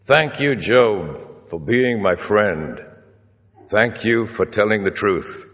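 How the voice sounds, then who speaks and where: A man's voice: fairly low pitch, lively intonation, slow, fairly bright tone, dull audio, heavily acted. A male preacher voicing God in a sermon, stern but fond, in a plain conversational way. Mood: firm. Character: God, stern yet fond toward his friends. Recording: reverberant hall.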